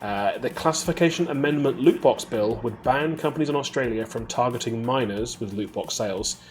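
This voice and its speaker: A man hosting a weekly games news show, reading stories briskly and bantering with a co-host. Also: medium pitch. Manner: brisk, reads headlines then banters.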